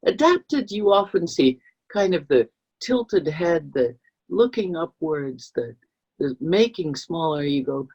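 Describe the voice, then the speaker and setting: A woman coach explains ideas to camera in a husky voice and slips into short acted example voices as she goes. Her delivery is lively and expressive. The sound is muffled and low-fidelity. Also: slow pace. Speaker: business coach and trainer.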